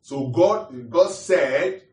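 A man's voice: a little high, lively intonation, drawn-out words, darkish tone. A man preaching a teaching sermon, repeating his points and asking the congregation questions. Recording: roomy echo, distant mic.

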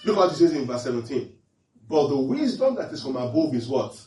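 Speaking briskly in a mid-range, slightly mellow voice with big pitch swings, a pastor gives an interactive Bible-teaching sermon, quizzing listeners with repeated questions, captured by a distant mic in an echoing room.

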